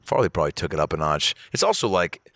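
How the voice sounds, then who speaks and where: A man from the Seattle area with a low, bright, forceful voice tells podcast stories in a loose, profane, animated way. He jumps into quoted voices as he goes. The recording is close and dry. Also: fast, no echo. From Seattle area, USA. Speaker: guest comedian. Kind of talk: casual podcast storytelling.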